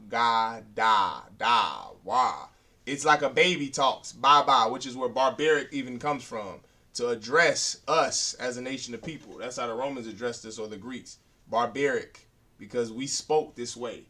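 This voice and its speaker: A man's voice: mid-range voice, moderate pace, sharp tone. A man teaching a beginner language class, sounding out words syllable by syllable and repeating them as he writes on a board. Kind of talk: classroom lesson at a whiteboard.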